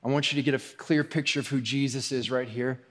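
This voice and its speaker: A pastor talks fast in a steady, mid-range voice as he preaches, his loose delivery alternating between soft asides and louder emphasis. The sound has long hall reverb.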